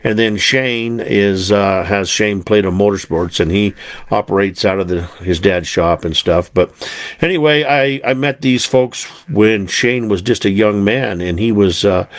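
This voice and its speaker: A man's voice: on the low side, unhurried. A man hosting his own podcast in casual chat, rambling and folksy, with many fillers and restarts. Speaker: podcast host. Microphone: desktop podcast recorder mic.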